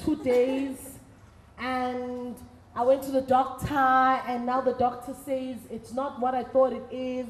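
A woman's voice: high-pitched, a little mellow, a little hiss or hum. A South African woman giving a frank, humorous sermon-style talk to a women's gathering, telling stories with quoted dialogue. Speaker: speaker at a women's ministry event. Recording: echoey hall.

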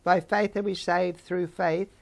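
A woman's voice: on the low side, steady tone, a little slow, creaky. An older woman, giving informal Bible teaching and chatting with her listeners. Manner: conversational, chats with listeners.

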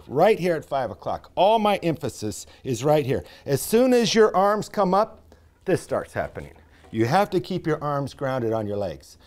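A man, a pottery professor, giving a live step-by-step wheel demonstration with folksy comparisons, dropping to a quiet mutter as he works the clay. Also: a little high.

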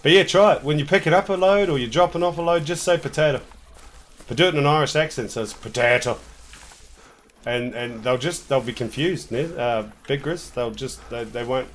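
A man's voice: on the high side, a little fast. A man with a New Zealand accent hosting a game stream, joking and rambling as he chats with his co-player and viewers. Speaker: streamer host. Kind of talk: casual gameplay commentary.

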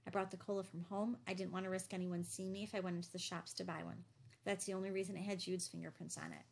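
Brief: woman voicing tense middle-aged dad, low hushed delivery, gravelly edge. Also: flat delivery, fast talker. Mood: grim. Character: grim middle-aged father, tense and guarded.

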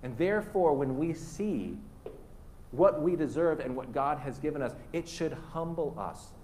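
A man's voice: on the high side, lively intonation, unhurried, darkish tone, a little hiss or hum. A man preaching a church sermon in an earnest way, sometimes dropping to a near whisper for emphasis. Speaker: pastor. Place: church sanctuary.

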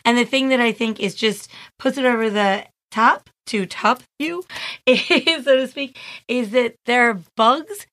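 A woman's voice: a little high, a little slow, a bit bright, no echo. A woman co-hosting a podcast in casual chat, chatty and giggly, rambling. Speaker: podcast co-host.

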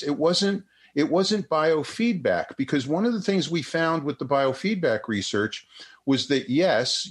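An older man speaks at an ordinary middle pitch, telling an anecdote in an interview. He acts out the people in his story with raised voices and often restarts his sentences. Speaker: guest psychotherapist and researcher.

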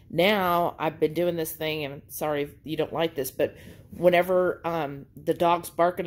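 A woman vlogger chatting casually to camera in an animated, storytelling way. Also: lowish voice, low-quality recording.

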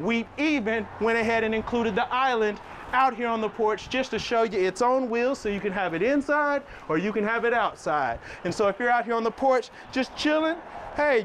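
A man with a notably high voice leads a promotional walkthrough of a small home. His delivery is upbeat and salesy, dropping playful jokey asides as he points things out. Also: fairly bright tone, a little hiss or hum. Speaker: sales host giving a home tour.

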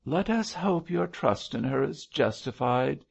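A man voicing a bossy, meddling older gentlewoman who speaks loudly and lectures, in a storybook reading. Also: lowish voice, big pitch swings, unhurried, gravelly, slightly rough, exaggerated voice. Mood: prying. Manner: loud, lecturing.

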